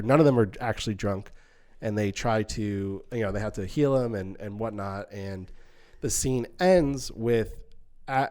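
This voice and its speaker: A young man with a slightly low voice co-hosts a film podcast. He retells scenes in casual chat, quoting characters as he goes and restarting his sentences often. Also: a little mellow. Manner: retells scenes at length with quoted lines, many restarts. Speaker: podcast co-host.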